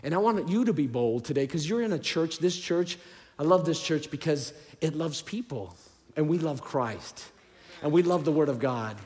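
A man with a high, lifted voice preaches in a church, shifting from booming, joking outbursts to soft, hushed pleas. His casual slang and humor keep the sermon lively. A long reverb from the hall trails every phrase. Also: normal speed. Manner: animated, swings from loud to hushed.

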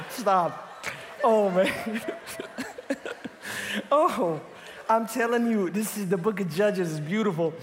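A man preaching a sermon, telling the story with animated emphasis and bursts of laughter. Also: high-pitched, extremely slow, long pauses, long reverb tail, noisy background.

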